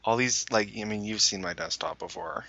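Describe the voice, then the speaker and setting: A male co-host in casual chat, excitable, gasping and laughing often. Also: on the low side, a little fast, creaky. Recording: dull lo-fi sound.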